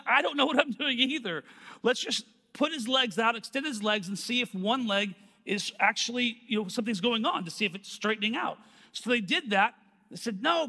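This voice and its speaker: A man preaching a sermon, telling a story with animated quoted voices and laughter. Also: very high-pitched, big-room sound.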